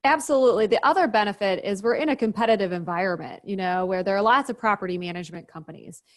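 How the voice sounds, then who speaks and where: A woman guest on a podcast, explaining her business practices in a brisk, practical, step-by-step way. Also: mid-range voice. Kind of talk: interview, explaining.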